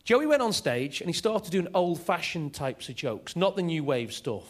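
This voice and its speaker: Animated stand-up comedian. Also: male voice, a little high, normal speed. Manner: energetic, animated storytelling.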